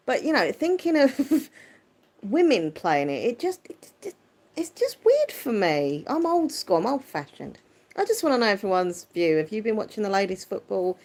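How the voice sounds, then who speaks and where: A woman hosting a casual livestream, chatting and answering viewer comments. Her voice is squeaky yet deep, and her manner is chatty and quick to laugh. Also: a little mellow. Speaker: livestream host. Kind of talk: casual live chat, reading viewer comments.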